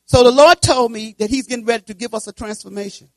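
A woman in her seventies preaching, telling a folksy personal story and breaking into fervent shouts of praise. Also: fairly high pitch, fast talker, dry recording, rough recording. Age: 70s. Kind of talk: sermon testimony and prayer.

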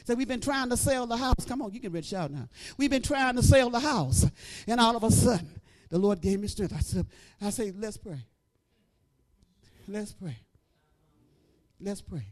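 A middle-aged woman preacher giving an animated testimony, breaking into praise and shouting at the peaks. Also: fairly high pitch, brisk, hardly any pauses. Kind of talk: testimony sermon.

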